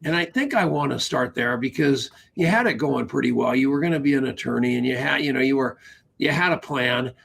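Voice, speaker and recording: A man's voice: medium pitch, brisk, gravelly, a bit bright, husky. A man hosting a podcast, chatting casually and telling stories, acting out what other people said. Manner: storytelling, acts out quoted dialogue. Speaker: podcast host. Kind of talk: casual conversation.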